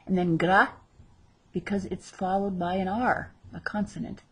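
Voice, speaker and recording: Husky-voiced woman teaching Spanish vocabulary. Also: mid-range voice, fairly even intonation, fairly bright tone. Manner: slow, drawn-out model pronunciations. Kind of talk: recorded vocabulary lesson.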